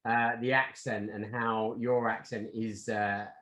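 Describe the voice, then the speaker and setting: A man's voice: lowish voice, little pitch movement, a little slow, a bit bright. Riffing man, playful podcast chat. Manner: riffing, playful, drops into mock voices. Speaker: podcast co-host. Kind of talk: casual chat.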